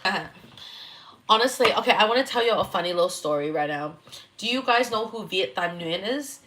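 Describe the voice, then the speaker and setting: A woman's voice: mid-range voice, lively intonation, a little fast, fairly bright tone. Young Kiwi-woman, astrology streamer; loose, giggly, sweary, answers chat as she goes. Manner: chatty, giggly, swears, reacts to viewer comments. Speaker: astrologer hosting a live reading. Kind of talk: casual livestream chat.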